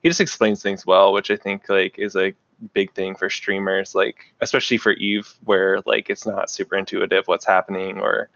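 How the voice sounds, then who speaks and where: A man's voice: deep voice, little pitch movement, normal speed, gravelly, a bit bright, dry recording. A man chatting casually as a podcast guest, filling his talk with "like". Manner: chatty, lots of "like" fillers. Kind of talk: casual chat. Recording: dull, dry lo-fi audio.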